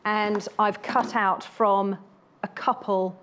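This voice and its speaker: A woman's voice: medium pitch, fairly even intonation, slow, a bit bright, a little hiss or hum. A woman explaining her bag-making samples step by step on a TV shopping craft show. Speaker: guest bag maker.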